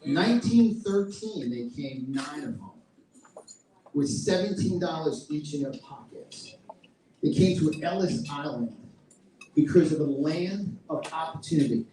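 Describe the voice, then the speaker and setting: A middle-aged man with a New York accent giving a loud, passionate and combative speech at a live event. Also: fairly high pitch, a little slow, slight background noise. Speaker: featured event speaker. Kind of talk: fiery political speech. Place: event hall with live audience. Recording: echoey room, mic at a distance, crowd audible.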